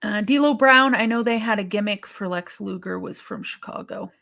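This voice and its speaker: A woman's voice: medium pitch, normal speed, creaky, bright, forceful tone. A woman co-hosting a wrestling live stream, chatting casually and thinking aloud with sighs and restarts as she reacts to viewer comments.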